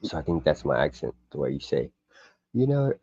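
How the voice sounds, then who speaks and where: A man's voice: extremely low pitch, very animated, brisk, dark tone, slightly rough, dry recording, dull audio. An older American man in a rambling, profane casual chat on a live stream, often stopping and restarting. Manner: rambling, profane, self-interrupting.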